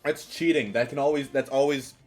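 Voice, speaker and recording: Man, live-stream host, casual chat, rambling restarts, jokes at his own expense, mid-pitched, soft music behind. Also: fairly even intonation, brisk. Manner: rambling and self-mocking, with frequent restarts. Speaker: streamer playing a party game. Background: faint background music.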